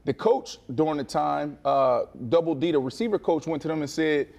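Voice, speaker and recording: A man co-hosting a casual sports talk show, animated and boastful, telling stories with lots of restarts. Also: on the high side, moderate pace, gravelly. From Florida. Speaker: co-host.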